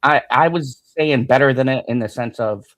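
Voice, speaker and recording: Animated swearing man reviewing a show. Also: mid-range voice, normal speed. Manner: animated, swearing, laughs often. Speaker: podcast co-host. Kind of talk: casual review chat.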